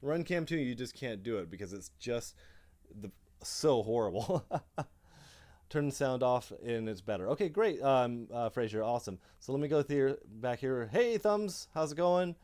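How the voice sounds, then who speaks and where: A man with a smooth, clear voice chats casually on a live stream from his home office. He rambles, stops and restarts, and leans on fillers as he talks about his drone builds. He speaks into a desk microphone at an ordinary, mid-range pitch. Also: animated, moderate pace, darkish tone. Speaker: drone hobby channel host.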